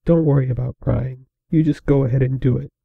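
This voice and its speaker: A man voicing a gentle, timid old female pegasus pony who speaks softly. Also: medium pitch, steady tone, a little fast, creaky, breathy edge, dry recording, phone-quality sound. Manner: soft-spoken, whispery.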